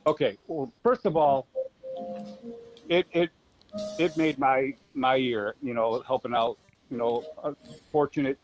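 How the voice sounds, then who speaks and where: A man's voice: mid-range voice, fairly even intonation, a little slow, pauses often, soft background music, low-quality recording. Rambling male podcast co-host. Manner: rambling storyteller, many fillers and restarts. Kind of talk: casual podcast chat over remote call.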